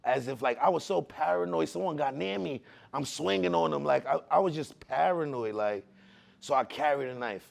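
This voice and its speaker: Gravelly-voiced man telling his own story. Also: on the high side, normal speed. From the Bronx, New York. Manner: animated street slang, acts out voices in his stories. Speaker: speaker giving a personal testimony. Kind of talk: personal testimony storytelling.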